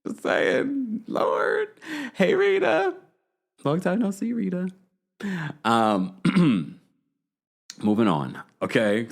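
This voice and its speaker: A man hosting a casual reality TV recap, talking playfully and jumping his pitch up to mimic the people he quotes. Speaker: podcast host recapping reality TV. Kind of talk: casual chat.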